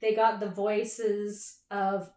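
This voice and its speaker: A woman's voice: medium pitch, level tone, very slow, dark tone. A young woman co-hosting a podcast, chatting enthusiastically as a fan, rambling with fillers. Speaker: podcast co-host. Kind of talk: casual chat. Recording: echoey room.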